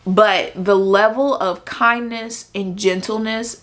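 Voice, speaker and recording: A woman's voice: fairly high pitch, moderate pace, gravelly, a bit bright. A young woman telling a personal story to camera in an emphatic, venting way, repeating her points for stress. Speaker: vlogger. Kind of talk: casual storytime.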